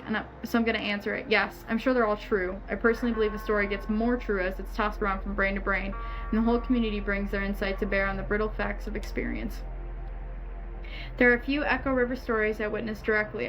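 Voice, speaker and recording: A woman streamer reading game dialogue aloud with playful asides, her voice a bit hoarse. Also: mid-range voice, fairly even intonation, quick pace, over music. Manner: reads lines in character, playful asides.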